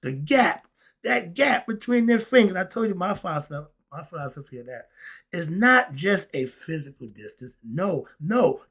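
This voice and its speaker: Excitable, husky man on a bright tone. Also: sits high, normal speed. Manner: excitable, rhetorical, asks questions and answers them. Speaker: host. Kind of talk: animated spiritual commentary vlog.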